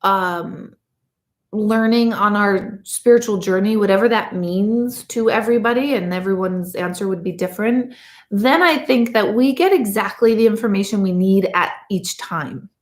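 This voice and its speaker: A woman's voice: mid-range voice, normal speed. Chatty woman medium in an echoey room. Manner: chatty, rambling storyteller with lively asides. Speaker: medium reading viewer comments. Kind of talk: casual livestream chat.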